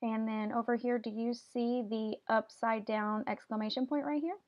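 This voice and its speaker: A woman's voice: fairly high pitch, steady tone, moderate pace, highs cut off. A woman teaching a Spanish vocabulary lesson, patiently explaining each word step by step and having students repeat after her. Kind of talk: classroom video lesson.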